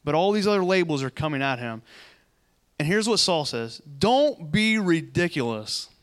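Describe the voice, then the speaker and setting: A man preaching a sermon, reading scripture aloud and breaking off into quick, conversational asides. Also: a little high, lively intonation, fairly bright tone, clean tone. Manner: conversational, quick asides between read passages.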